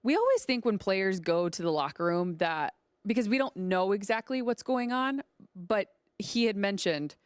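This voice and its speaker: A woman's voice: medium pitch, lively intonation, normal speed, smooth, dry recording, studio quality. A woman hosting a sports podcast, telling stories in casual, upbeat chat. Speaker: podcast host.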